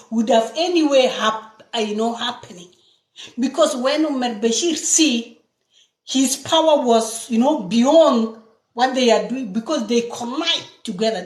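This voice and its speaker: A high-voiced woman talks slowly and emphatically. She fires rhetorical questions and often restarts her sentences. Her voice rings in an echoing room. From South Sudan. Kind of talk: impassioned political talk. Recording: roomy echo.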